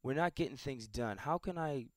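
A man's voice: mid-range voice, lively intonation, normal speed, no room sound, studio quality. A man guest co-hosting a casual sports chat, emphatic and repeating himself to press his points. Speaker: guest co-host, actor.

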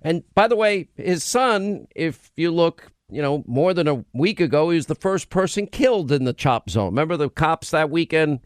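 A man's voice: on the high side, animated, normal speed, hardly any pauses, no room sound. A man hosting a talk radio show, delivering an emphatic, sarcastic monologue with frequent restarts into a studio microphone.

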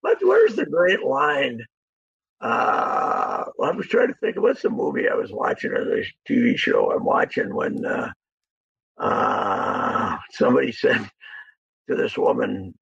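A man rambles through his sports opinions in a gravelly, husky voice with a lot of movement in pitch. He keeps stopping and restarting his thoughts like a regular guest on a casual radio show. The sound is dull and lo-fi, like a call-in line. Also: huge pitch swings, fairly bright tone, no echo. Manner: rambling, halting, with frequent restarts.

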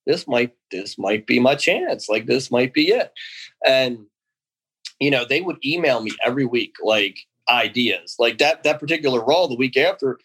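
A man in his thirties tells a long, loose story in a relaxed interview. He rambles, restarts his sentences and jumps up in pitch whenever he acts out what other people said to him. His voice sits in a middle register. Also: moderate pace, breathy edge, low-quality recording. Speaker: guest, former pro wrestler.

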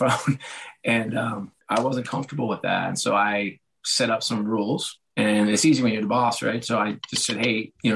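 Hoarse man telling lively stories. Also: poor audio. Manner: animated, acts out quotes with pitch jumps, laughs. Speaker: guest author. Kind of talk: casual storytelling conversation.

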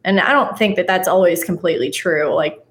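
A woman in casual conversation, relaxed and chatty, laughing often as she talks. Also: on the low side, a little fast. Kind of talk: casual chat.

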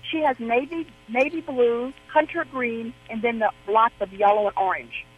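Husky woman calling in by phone. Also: on the high side, fairly even intonation, normal speed. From Arizona, USA. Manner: chatty, rambling with restarts. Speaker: caller. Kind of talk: phone-in question. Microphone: telephone. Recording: dull lo-fi phone line.

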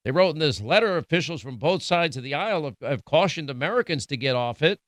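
Middle-aged guy ranting on talk radio, sarcastic, kinda high voice, dry close mic. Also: lively intonation, fast, no echo. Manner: indignant, emphatic, sarcastic. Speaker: radio talk show host. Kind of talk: political commentary.

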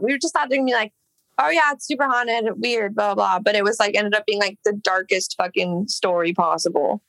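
Bright, gravelly-voiced young woman rambling a story. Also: mid-range voice, fairly quick, no room sound, poor audio. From Los Angeles. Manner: rambling, heavy filler "like", swearing. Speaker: singer, podcast guest. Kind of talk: casual storytelling chat.

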